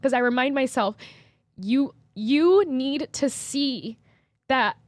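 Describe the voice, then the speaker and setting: A woman's voice: sits high, slow, dry recording. A young woman talking candidly and earnestly on a podcast, swearing freely and getting emotional. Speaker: employee and co-host.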